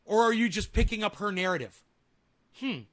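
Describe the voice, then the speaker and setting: A man with a high, bright, sharp voice rants on a live stream. He swears constantly, mocks the clips he reacts to, and talks straight at his chat. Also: expressive, moderate pace. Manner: angry, mocking, swears heavily, talks to chat. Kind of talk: profane live-stream rant.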